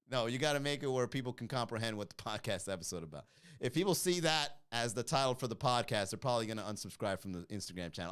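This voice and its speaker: A man's voice: mid-range voice, clear, resonant tone. A man hosting a comedy podcast livestream, teasing and laughing as he reads out chat comments. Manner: animated, teasing, quick to laugh.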